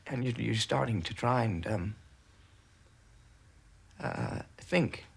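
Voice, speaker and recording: A man, a former military airman, recalling events haltingly in a documentary interview, with many pauses and fillers. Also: mid-range voice, expressive, vocal fry, husky.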